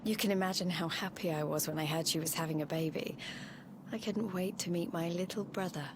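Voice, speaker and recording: An actress playing a gentle young noblewoman who speaks softly and earnestly. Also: fairly low pitch, fairly quick, background noise, natural voice. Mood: wistful. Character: young noblewoman, the hero's gentle foster sister. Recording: game audio over clear music.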